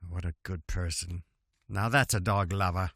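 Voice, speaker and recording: A man's voice: sits low, steady tone, moderate pace, creaky, fairly bright tone, no room sound, clean studio sound. A man reading rhymed comic verse aloud at home, with wry, chuckling asides between the verses. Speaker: reader. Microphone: home recording setup.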